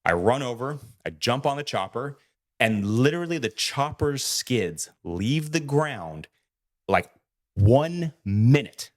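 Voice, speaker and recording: A man's voice: mid-range voice, lively intonation, unhurried. A man co-hosting a podcast, telling a story in a casual way, acting out quoted lines and swearing freely. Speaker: podcast co-host.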